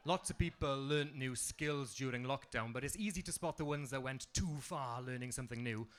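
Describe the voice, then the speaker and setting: On a comedy club stage, a young man from Wales delivers his stand-up dryly in a strong Welsh accent. He speaks at normal speed in a mid-range, slightly bright voice.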